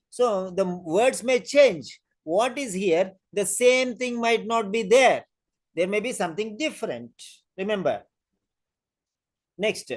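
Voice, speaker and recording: A tutor giving a listening test lesson, talking slowly and deliberately and repeating each point to drill it in. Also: mid-range voice. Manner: deliberate, emphatic teacher talk. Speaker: exam-prep tutor.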